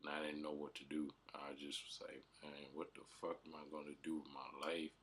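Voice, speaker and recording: A man's voice: rumbling low, flat delivery, fairly quick, fairly bright tone, a little hiss or hum. A man around thirty, an aspiring rapper, telling a rambling, emotional story about his struggles, full of fillers and slang. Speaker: aspiring rapper and podcast host. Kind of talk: casual storytelling monologue.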